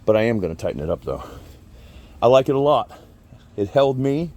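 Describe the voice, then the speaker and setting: With a mid-range, slightly mellow voice, this channel host talks briskly and very animatedly while reviewing a piece of gear. He's casual, chatty and folksy, tends to repeat himself, and moves from outside by a vehicle to an indoor man cave.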